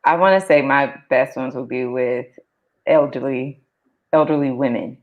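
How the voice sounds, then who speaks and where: A woman in her thirties with a very low voice, co-hosting a casual conversation in a relaxed, reflective way that breaks into easy laughs. Her sound comes through dull and lo-fi. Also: moderate pace. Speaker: podcast co-host. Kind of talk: casual chat.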